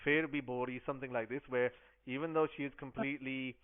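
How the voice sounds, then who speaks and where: A man explaining devotional verses and telling their story with eager repetition, stopping to recite the verses slowly in a chanting way. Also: mid-range voice, fairly even intonation, clean tone. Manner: eager, retelling the story with repeated words and slow recited verse. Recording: narrow phone-like sound.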